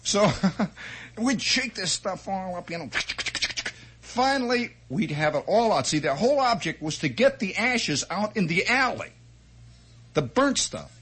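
A man telling a comic childhood story as a monologue, animated and chatty, with asides and mouth sound effects. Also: high-pitched, a little slow, a little hiss or hum. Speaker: radio storyteller.

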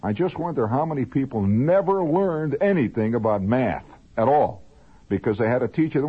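A man's voice: mid-range voice, very animated, husky. A man telling a long, digressive, humorous story in a rambling radio monologue. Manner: digressive, humorous, drawn-out asides. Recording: narrow lo-fi old radio recording.

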